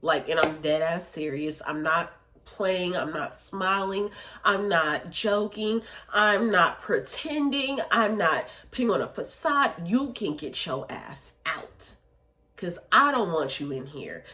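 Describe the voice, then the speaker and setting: A woman's voice: fairly low pitch, fairly bright tone. A woman vlogger telling a storytime tale in an emphatic way, repeating phrases for effect. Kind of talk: storytime vlog.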